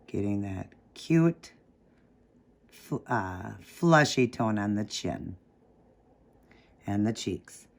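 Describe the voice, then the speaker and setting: A man's voice: fairly low pitch, expressive, drawn-out words, vocal fry, long pauses. Chatty man walking through a craft. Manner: chatty, talks while working, corrects own slips. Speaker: craft tutorial host. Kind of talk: casual step-by-step tutorial.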